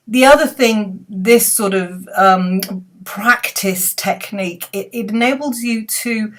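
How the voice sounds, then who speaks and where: A woman's voice: medium pitch, a bit bright. Chatty woman giving speaking tips. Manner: chatty, friendly, with small restarts. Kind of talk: casual talk to camera giving advice. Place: indoors at her computer. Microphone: computer webcam mic.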